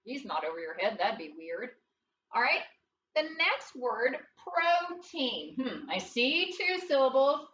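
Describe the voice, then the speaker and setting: Casting note: woman, early-grades phonics teacher, patient sing-song delivery, bright tone, recorded a bit off-mic in a roomy space with a dull sound. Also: high-pitched, big pitch swings, takes it slowly, recorded from a distance, slight background noise. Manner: patient, sing-song teacher voice, asks questions and answers them. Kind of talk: classroom phonics lesson.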